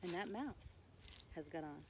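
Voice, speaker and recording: A woman telling a campfire story, playful and animated, dropping to hushed whispers and jumping to squeaky high bursts. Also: unhurried, very noisy. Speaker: camp storyteller.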